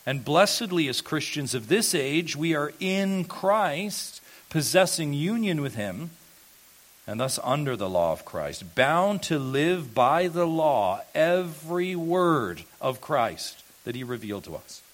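A man with a somewhat high voice preaches an expository sermon. He asks the congregation rhetorical questions and swings between loud, emphatic peaks and low, quiet asides. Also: big pitch swings, slow. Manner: emphatic preaching, rising loud on key points and dropping low and soft. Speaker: pastor.

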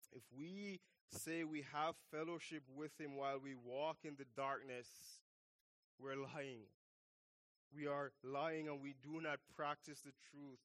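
A man preaching a sermon, slow and emphatic, repeating key phrases for weight. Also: fairly high pitch, a bit bright.

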